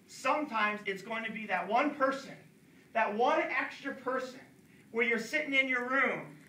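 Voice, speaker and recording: A high, bright-voiced man speaks earnestly to a college audience and presses his points by repeating words. He is heard from some distance in a roomy, echoing space. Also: normal speed. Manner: urging, repeats words for emphasis. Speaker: speaker at a campus pro-life talk. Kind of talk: earnest public talk. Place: college lecture room. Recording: echoey room, distant mic.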